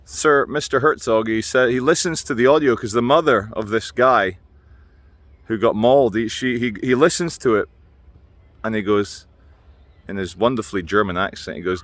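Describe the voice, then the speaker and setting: A man's voice: lowish voice, moderate pace, fairly bright tone, dry recording. A man rambling through a wry, meandering vlog monologue, musing aloud with asides while out on a walk and filming himself. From Britain. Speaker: video blogger. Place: outdoors on a walk.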